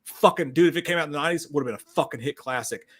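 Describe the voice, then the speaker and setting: A man's voice: fairly high pitch, a bit bright, husky. A man co-hosting a casual livestream, riffing enthusiastically about music and movies with lots of swearing. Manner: enthusiastic, profane, fast riffing. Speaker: podcast co-host.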